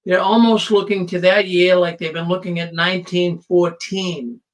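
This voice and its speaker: A man's voice: high-pitched, fairly even intonation, normal speed, distant mic, poor audio. A man hosting a call-in show, who talks to callers in a chatty, reassuring way.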